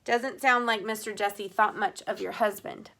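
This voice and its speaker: A calm, probing middle-aged sheriff who asks his questions in a measured, even tone, as a woman narrating an audiobook reads his part. The voice sits near her own middle pitch. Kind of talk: audiobook character reading.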